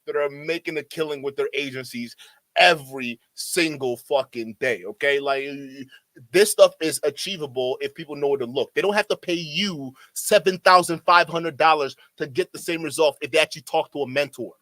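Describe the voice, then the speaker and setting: A man's voice: fairly high pitch, a little fast, a bit bright, dry recording. A man doing reaction commentary in a profane, sarcastic way, laughing often. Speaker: YouTube commentator.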